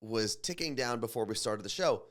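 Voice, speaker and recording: Male co-host for casual morning banter, chatty and opinionated, mid-pitched. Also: animated, normal speed, a bit bright. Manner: chatty, opinionated, repeats words while thinking. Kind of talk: casual radio show banter.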